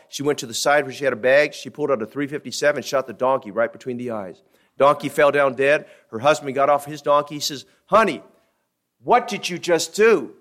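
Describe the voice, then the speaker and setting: A male pastor preaching a sermon, telling a folksy joke and then reading scripture slowly and emphatically. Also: mid-range voice, fairly bright tone.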